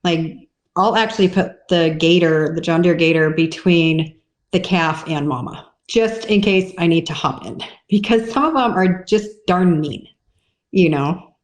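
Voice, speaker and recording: Lower-voiced woman farmer in an echoey room. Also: measured pace. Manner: chatty, with many restarts and "you know". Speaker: guest farmer. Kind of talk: casual conversation. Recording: roomy echo.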